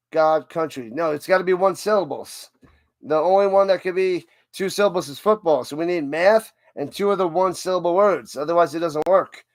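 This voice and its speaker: A man's voice: on the high side, no room sound. A man hosting a live stream, chatting casually about football in a rambling, self-interrupting way. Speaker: livestream host.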